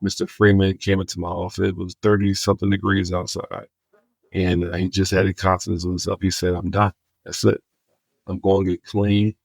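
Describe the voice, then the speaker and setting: Podcast guest, man; animated storyteller who acts out the dialogue, low voice. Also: no echo. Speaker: guest, homelessness outreach worker.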